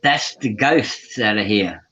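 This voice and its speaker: Bright, lively man chatting on a stream. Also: on the low side, takes it slowly. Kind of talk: casual livestream chat. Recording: dull lo-fi stream audio with faint noise.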